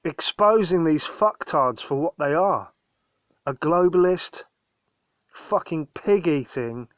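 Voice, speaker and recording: A man's voice: a little high, a bit bright, no room sound. A man hosting his own channel, ranting angrily in a profane, contemptuous commentary monologue. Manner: ranting, profane, repeatedly says mate; indignant and contemptuous. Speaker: channel host.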